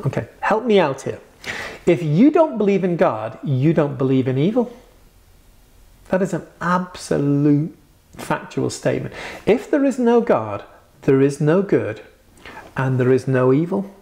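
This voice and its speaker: Male preacher, warm mellow tone, conversational teaching with emphatic peaks. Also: fairly high pitch, big pitch swings, unhurried, gravelly, long pauses. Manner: earnest, conversational, emphatic bursts.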